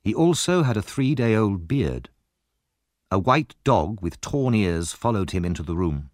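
A male narrator reads a classic story aloud in an expressive, lively way. His voice sits fairly low but moves widely up and down, and the recording is dry, with no room sound around it. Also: a little slow, dry recording.

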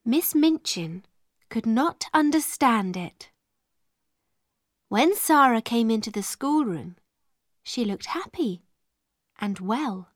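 A woman reading a children's storybook aloud in a clear, measured way. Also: on the high side, expressive, no echo, studio quality. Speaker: narrator.

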